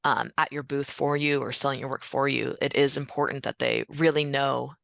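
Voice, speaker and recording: A woman's voice: very deep voice, fairly even intonation, moderate pace, vocal fry, fairly bright tone, dry recording. A woman hosting an online panel discussion who reads out audience comments and chats casually with her guest over a video call. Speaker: webinar host.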